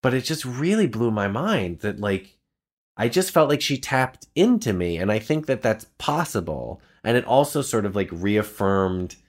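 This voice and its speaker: A man's voice: lowish voice, big pitch swings, moderate pace. A young man in casual conversation, telling a personal story in a rambling, heartfelt way with lots of filler words. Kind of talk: casual chat.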